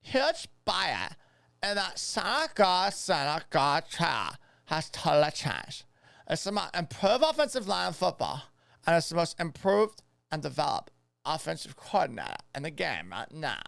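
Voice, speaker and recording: A man puts on a loud, brash football pundit with a thick Boston accent. The voice jumps up and down in pitch as it fires off numbers. It sounds close and dry. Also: big pitch swings, normal speed, creaky, no echo, heavily acted. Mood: hyped. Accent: put-on Boston. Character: excitable male football pundit in a jokey put-on voice.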